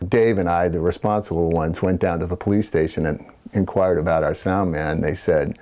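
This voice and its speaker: A man's voice: deep voice, normal speed, warm tone. A middle-aged man, a musician, telling rambling anecdotes in a casual interview, with small laughs and restarts.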